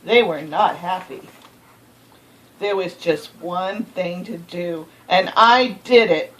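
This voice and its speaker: A woman reading a children's picture book aloud, expressive, with gasps and asides to the listener. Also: on the low side, slow pace, rough recording. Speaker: storybook reader.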